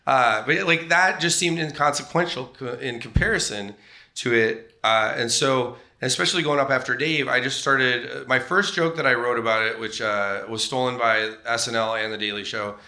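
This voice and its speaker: Bright-voiced man telling stage stories. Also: medium pitch, moderate pace. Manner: rambling, self-deprecating, animated voices for quotes. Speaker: comedian guest. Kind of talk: on-stage comedic storytelling interview. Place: comedy club stage.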